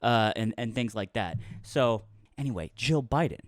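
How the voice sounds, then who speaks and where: A man's voice: medium pitch, lively intonation, moderate pace, a little hiss or hum. A man co-hosting a comedic podcast, spinning a rambling mock-news story and laughing through his own lines, on a close mic. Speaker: podcast co-host. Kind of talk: casual comedic podcast chat.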